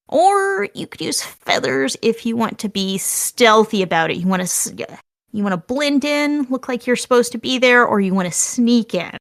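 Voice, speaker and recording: A woman's voice: mid-range voice, a bit bright, dry recording, clean studio sound. A woman running a tabletop game as game master, laying out options step by step in an upbeat way.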